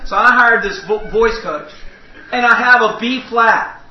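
A man's voice: very high-pitched, measured pace. A man preaching a sermon in a church, telling folksy, humorous stories. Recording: echoey hall, distant mic, dull sound.

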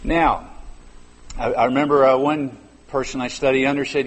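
A man's voice: medium pitch, steady tone, normal speed, breathy edge, in a large hall. A man in his fifties preaching a sermon in a church, conversational and drawing out key words for emphasis. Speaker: pastor. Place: church sanctuary.

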